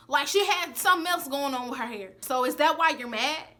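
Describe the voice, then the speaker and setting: Sassy high-voiced young woman. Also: a little fast, hardly any pauses. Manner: sassy, animated, acts out the quoted lines. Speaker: vlogger telling a personal story. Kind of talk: casual storytime chat.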